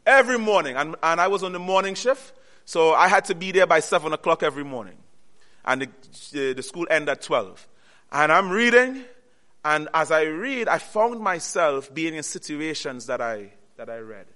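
A male preacher with a high, bright voice delivers an earnest sermon. He repeats his key phrases and uses call-and-response, stopping on "what?" so the congregation can complete the verse. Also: lively intonation. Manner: call-and-response, pausing on "what?" for the audience to finish.

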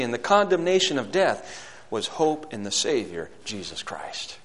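A male preacher delivering a sermon, swinging between loud, fervent climbs and hushed, low passages, and reading scripture aloud in old-fashioned wording. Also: very animated, a little slow. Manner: reads scripture aloud in King James wording.

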